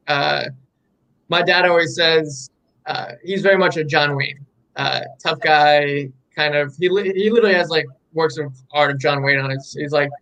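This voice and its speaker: Chatty, enthusiastic young man with a slightly high voice. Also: a bit bright, poor audio. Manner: enthusiastic, rambling storytelling with many fillers. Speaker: artist guest. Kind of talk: candid interview chat.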